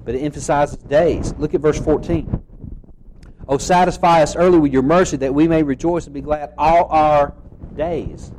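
A man preaching an expository sermon, reading scripture slowly and asking rhetorical questions as he teaches. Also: a little high, fairly even intonation, darkish tone, slight background noise, low-quality recording.

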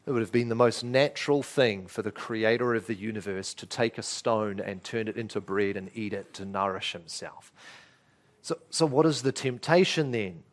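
A man's voice: fairly low pitch, normal speed. A man preaching an expository sermon, asking rhetorical questions and stressing key words.

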